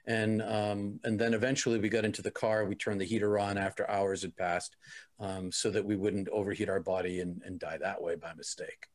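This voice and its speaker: A middle-aged man, an interview guest, telling a personal experience in an earnest, halting way with many restarts and repeated words. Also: fairly low pitch, level tone.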